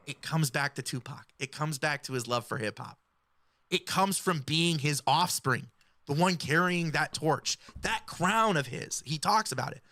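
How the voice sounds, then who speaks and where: A man's voice: fairly high pitch, lively intonation, unhurried, sharp tone, no echo. A man giving earnest, explanatory hip-hop commentary and breaking down lyrics. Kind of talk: analytical commentary.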